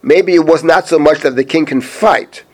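A middle-aged man with a slightly high-pitched voice teaches a chapter of scripture as a rabbi. He reads Hebrew verses at a deliberate pace, then translates them and explains their meaning in a steady teaching manner. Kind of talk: spoken Bible lesson.

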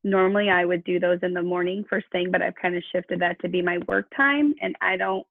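A woman's gravelly voice comes through a narrow, phone-like line with no room sound at all. She is chatty and self-deprecating as she explains her routines, and she laughs at herself often. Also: fairly low pitch, a little fast, no room sound. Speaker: coaching client. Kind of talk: phone conversation.

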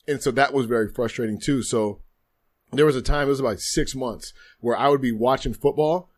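A man's voice: medium pitch, brisk. Earnest man telling his story. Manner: earnest, reflective, repeats phrases. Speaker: guest, former football player. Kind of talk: candid interview storytelling. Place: podcast studio.

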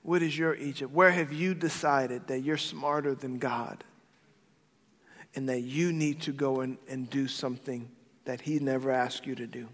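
A man, a pastor, preaching an emphatic sermon that swings between loud and quiet. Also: mid-range voice, steady tone, normal speed. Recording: long hall reverb with soft background music.

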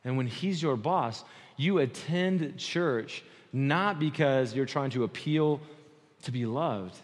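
Male pastor giving a sermon, talks like a chat, keeps asking okay?, mid pitch, echoey church hall. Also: slow pace. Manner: conversational, animated, often checks in with "okay?". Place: church sanctuary. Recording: long hall reverb.

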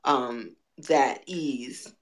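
A young adult woman co-hosting a podcast, telling stories in an animated way and laughing often. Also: extremely low pitch, extremely slow. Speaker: podcast co-host. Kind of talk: casual chat.

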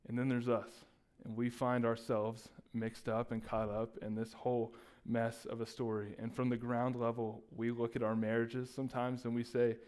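A man preaching a sermon, acting out the disciples' lines as he retells the story. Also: mid-range voice. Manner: animated, acts out the disciples' voices. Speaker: pastor.

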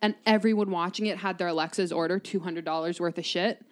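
A woman's voice: fairly low pitch, steady tone, fast. A woman co-hosting a podcast, chatting casually and giggling, with lots of "like" in her speech. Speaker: podcast co-host. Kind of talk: casual chat.

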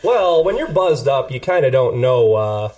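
A man's voice: mid-range voice, big pitch swings, darkish tone. A man in his thirties co-hosts a podcast in easygoing casual chat. He swears freely and stumbles through his stories with fillers. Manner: laid-back, profane, halting with fillers. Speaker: podcast co-host.

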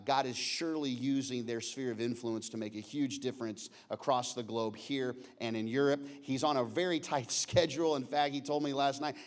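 A man, a pastor introducing a guest speaker to the church, halting with many fillers and restarts. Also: mid-range voice.

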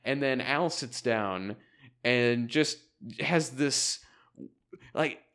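A man's voice: mid-range voice, drawn-out words, a bit bright, smooth. A man co-hosting a podcast, recapping a TV episode in casual chat with many restarts and asides. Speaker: podcast co-host.

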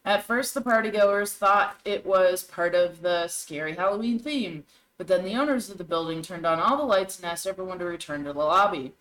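Low-voiced woman reading spooky tales. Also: normal speed, a bit bright, poor audio. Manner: dramatic storytelling reading, shifting pitch for quoted voices. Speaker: co-host. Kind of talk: reading scary stories aloud.

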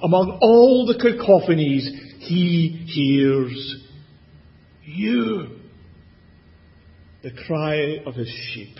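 Slow, deliberate preacher. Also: male voice, high voice, long reverb tail, lo-fi sound. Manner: slow, deliberate, drops to a hush on key words. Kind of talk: sermon.

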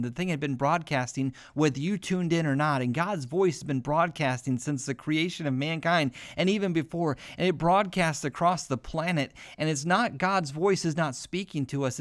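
A man hosting a devotional podcast, talking earnestly in a loose, repetitive preaching style and often saying "man". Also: on the high side. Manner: earnest, repeats himself, says "man" often. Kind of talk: informal spoken devotional.

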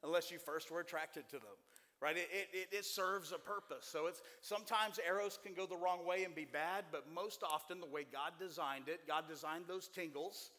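Man, forties, pastor, lively joking sermon, high voice, long reverb of a church hall. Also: moderate pace. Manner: folksy, joking, animated preaching. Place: church sanctuary with congregation.

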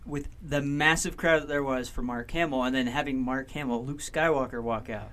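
A man's voice: mid-range voice, fairly even intonation, normal speed, fairly bright tone. Easygoing male interviewer. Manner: affirming, chimes in often with short agreements. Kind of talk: casual interview chat.

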